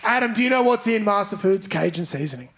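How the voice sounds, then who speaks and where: A man's voice: high voice, lively intonation, fast, a bit bright. A man performing stand-up comedy in a theatre, teasing audience members and leading the crowd in chants. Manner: playful, banters with audience members, leads chants. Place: large theatre stage. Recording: live theatre recording with crowd noise. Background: audience laughter.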